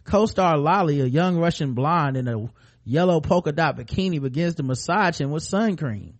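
A man's voice: fairly high pitch, lively intonation, moderate pace. A man co-hosting a comedy podcast, reading a news story aloud and breaking off for crude jokes. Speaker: podcast co-host. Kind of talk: comic news read with banter.

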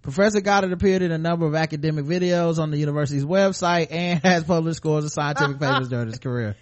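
Speaking quickly in a fairly high register, this male podcast co-host works through a news story on a comedy show. He keeps interrupting the reading to toss in crude jokes.

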